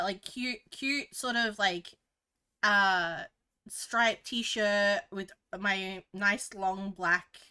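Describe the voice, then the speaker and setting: A woman's voice: a little high, bright, forceful tone, clean tone. An Australian woman streamer telling a story in a casual, rambling way, often restarting and swearing.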